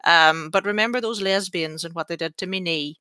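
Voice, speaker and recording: A woman's voice: lowish voice, fairly quick, pushed and bright, clean tone, dry recording. A woman in her early thirties hosting a casual podcast chat, chatty and self-mocking, rambling with fillers. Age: early 30s. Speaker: podcast host.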